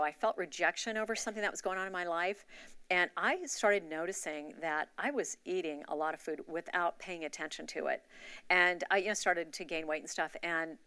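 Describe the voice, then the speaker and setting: A woman with a fairly low, sharp voice shares a candid personal testimony with her church gathering, confessional yet conversational. The tone is clean and the recording dry.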